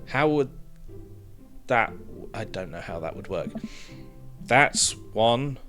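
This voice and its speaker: A man's voice: low voice, very animated, a little slow, faint music behind. A man streaming a game, reading its text aloud with joking, wry asides.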